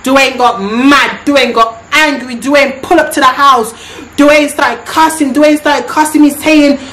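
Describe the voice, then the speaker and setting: A woman's voice: high voice, unhurried, fairly bright tone. A woman vlogger telling a storytime monologue in a blunt, repetitive way, swearing freely. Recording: roomy echo.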